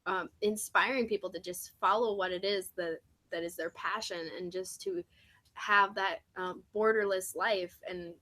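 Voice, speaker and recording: A woman from the United States hosts an online interview and wraps it up, her bright, forward voice full of effusive praise. She talks loosely, with frequent ums and restarts. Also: medium pitch. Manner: warm, effusive praise with many fillers. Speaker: interview host. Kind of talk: casual interview chat.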